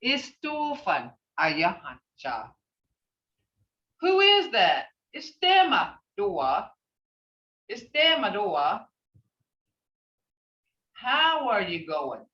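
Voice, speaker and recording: A woman teaching an online language class, she speaks slowly and patiently, repeating each phrase. Her voice is bright and lively in pitch. She sits away from the mic, and the dull call audio carries a roomy echo. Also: far from the mic.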